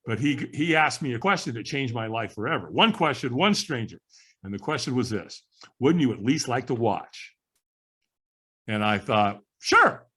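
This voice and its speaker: A man telling his life story as a podcast guest, animated and acting out the voices of the people in it. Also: medium pitch, moderate pace, husky. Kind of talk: storytelling in casual interview.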